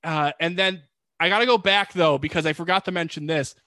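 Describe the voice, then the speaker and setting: Man, casual podcast recap, rambling, bright tone, dry close sound. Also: fairly high pitch, brisk, no echo. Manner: rambling, animated storytelling with quoted voices. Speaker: podcast co-host. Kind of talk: casual movie recap chat.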